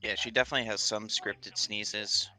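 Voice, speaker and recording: A man's voice: fairly low pitch, fairly even intonation, normal speed, bright, forceful tone, faint music behind. A man casually commentating a speedrun relay, explaining game lore and laughing along with his co-commentators. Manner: chatty, laughing often, explanatory.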